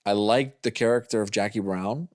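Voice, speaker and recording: A man's voice: fairly low pitch, normal speed, a little mellow, no room sound, clean studio sound. A man co-hosting a movie review podcast in casual chat, rambling as he retells scenes and swears freely. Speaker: podcast co-host.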